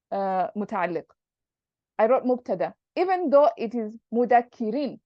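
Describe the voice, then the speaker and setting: A woman's voice: on the high side, a little mellow, no echo. A woman teaching a grammar class, explaining patiently step by step and working through examples aloud. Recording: dull, dry lo-fi recording.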